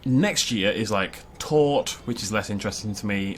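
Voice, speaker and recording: A man's voice: mid-range voice, animated, moderate pace, hardly any pauses, slight background noise. A young man from Wales, hosting a casual let's-play, rambling and joking with frequent laughs. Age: young adult. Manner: rambling and jokey, laughs often. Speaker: gaming video host.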